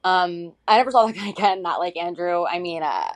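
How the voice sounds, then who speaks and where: A woman leaving a message for a podcast, gently telling a personal story with a reflective, easygoing manner. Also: lowish voice, fairly quick. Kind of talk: casual storytelling.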